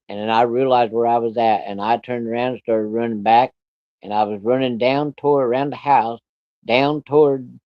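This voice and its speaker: A man's voice: medium pitch, no room sound. Man, casual storytelling, profane and plainspoken, dry close sound, muffled lo-fi quality. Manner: plainspoken, profane, vivid retelling.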